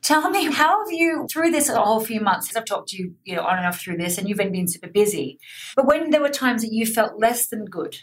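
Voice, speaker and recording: Excitable woman interviewer, off-mic. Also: a little high, a little fast, recorded from a distance. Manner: chatty, excitable, swears casually. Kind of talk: casual interview chat.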